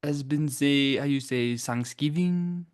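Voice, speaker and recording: A man voicing a snooty mock Frenchman with a fake French accent, speaking slowly and deliberately. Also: mid-range voice, clean tone, no room sound, studio quality, close to an everyday voice.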